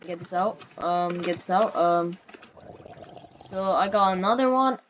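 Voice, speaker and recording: A woman with a lowish voice talks at a measured pace, the audio dull and the background noisy. She creates gaming videos and casually remarks on her gameplay, playfully addressing characters on screen with yelps and mock-panicked pleading.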